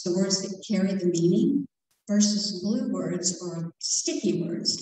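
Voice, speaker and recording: A woman giving a prepared talk at a writing conference, reading her points aloud and slowing down to spell out examples. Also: mid-range voice, dark tone. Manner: slow and deliberate when spelling out examples. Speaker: conference speaker on self-editing. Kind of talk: prepared lecture read aloud. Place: conference room. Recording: echoey hall from far off.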